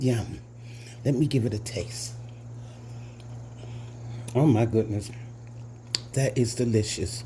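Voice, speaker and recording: A man walks viewers through a recipe at an unhurried, easygoing pace, his voice warm and mellow. He talks in a chatty way, keeps calling his audience "guys" and lets out pleased hums as he tastes. Faint kitchen noise sits low in the background. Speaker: home cooking channel host. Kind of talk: casual cooking demonstration.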